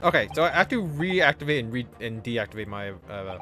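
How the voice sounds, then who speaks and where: A man streaming a game, chatting casually and reading its narration aloud with lively expression. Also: medium pitch, a little fast. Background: faint game music.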